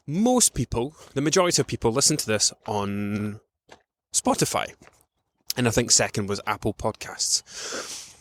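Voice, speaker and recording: A man's voice: fairly high pitch, fairly bright tone, dry recording. Chatty man, dry close sound. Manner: chatty and rambling, with many ums and restarts. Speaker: podcast host, nutrition coach. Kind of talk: casual podcast monologue. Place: outdoors on a morning walk.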